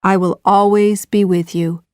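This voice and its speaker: A woman voicing a gentle, devoted young sailor who speaks softly, in a children's audiobook reading. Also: medium pitch, flat delivery, measured pace, clear, resonant tone, no room sound, studio quality, lightly acted. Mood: tender.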